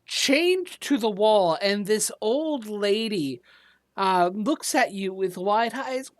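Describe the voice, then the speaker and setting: A woman game master narrates slowly, taking her time over each detail. Her pitch moves a lot as she describes, and the recording is close and dry. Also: no room sound. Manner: measured, descriptive, lively pitch.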